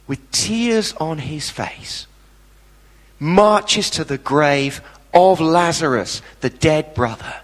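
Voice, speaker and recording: A man delivers a sermon with passion, leaning hard on his words and using plain blunt phrasing. He speaks slowly in a fairly high voice. A long reverb hangs around him, as in a hall. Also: a bit bright. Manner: impassioned, emphatic, blunt colloquial turns. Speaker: preacher.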